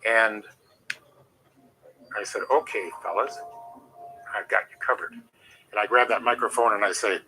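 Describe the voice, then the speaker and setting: A middle-aged man, a former wrestler, telling rambling, animated stories as an interview guest. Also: on the low side, measured pace, long pauses, a little hiss or hum, poor audio. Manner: rambling, animated anecdotes with restarts. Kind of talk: casual storytelling.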